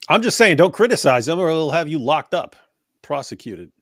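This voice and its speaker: A man co-hosting a live stream, joking and telling animated stories in casual chat. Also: a little high, normal speed, no echo, clean studio sound. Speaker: co-host of a live talk stream.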